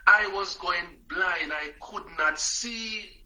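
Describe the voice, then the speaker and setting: A man's voice: high-pitched, slow, bright, forceful tone, voice pushed up, full character voice, rough recording. A man voicing a frantic middle-aged woman customer, breathless and pleading as she retells her news. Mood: elated.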